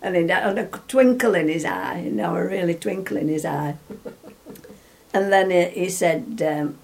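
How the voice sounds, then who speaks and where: An older woman tells an anecdote in a meandering, chatty way. Her voice sits fairly low and has a gravelly, creaky edge. She keeps restarting her sentences as she goes. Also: moderate pace. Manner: rambling, full of restarts, laughs while telling. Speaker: interviewee. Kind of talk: reminiscing storytelling.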